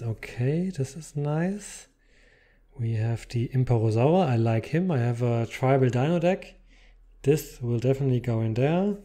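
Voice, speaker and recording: A man's voice: mid-range voice, mellow. A man casually commenting while unboxing trading cards, reading card text aloud between muttered asides.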